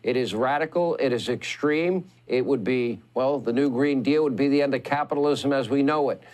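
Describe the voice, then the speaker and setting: A man's voice: medium pitch, normal speed, darkish tone. Emphatic male political commentary host. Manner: emphatic, repetitive delivery.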